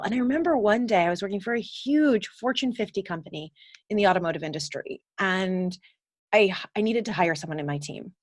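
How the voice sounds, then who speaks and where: A woman's voice: mid-range voice, dry recording, studio quality. A woman from Detroit, a purpose coach, answering interview questions in a gregarious, enthusiastic way. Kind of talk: casual interview.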